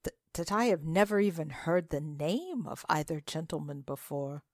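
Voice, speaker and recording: A woman's voice: deep voice, expressive, moderate pace, no echo, studio quality. A woman voicing an eager, apologetic young male visitor in a dramatic reading of a classic story, speaking deferentially with polite stammers.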